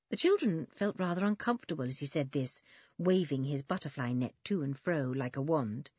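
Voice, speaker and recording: A woman narrating a children's adventure story in an expressive, lively reading. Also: low-pitched, moderate pace, breathy edge, no room sound, lo-fi sound. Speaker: audiobook narrator.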